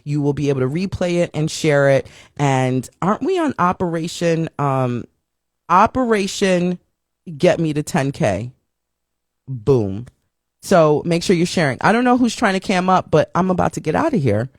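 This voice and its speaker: A woman's voice: sits low, moderate pace, no echo, clean studio sound. A woman hosting a casual live-stream show, chatting upbeat and reading viewer comments aloud. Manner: upbeat, lively greetings.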